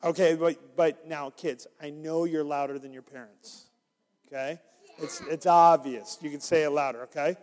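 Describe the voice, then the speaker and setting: A man's voice: fairly high pitch, moderate pace. A man reading an interactive Bible story to children as their minister and coaxing them to join in. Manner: animated, coaxing listeners to join in. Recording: long hall reverb.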